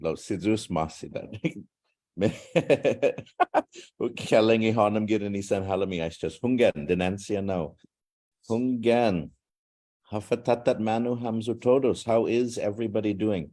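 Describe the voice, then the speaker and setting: A man with a low, mellow voice hosts a casual online class gathering. He is chatty and joking, slipping between two languages. He speaks through a video call. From Guam. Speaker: language class teacher and host.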